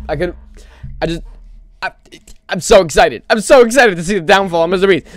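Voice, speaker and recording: A male livestreamer chats casually with his viewers, greeting them by name and hamming up mock shock with sarcastic exaggeration. His voice sits high, he talks fairly quickly, and the recording is dry.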